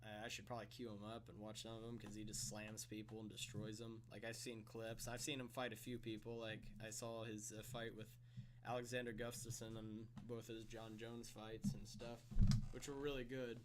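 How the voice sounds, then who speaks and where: Chatting loosely with a friend in a room, this young podcast co-host rambles, curses, stumbles over words and laughs frequently. He speaks in a lowish, flat voice at a moderate pace, and background noise can be heard.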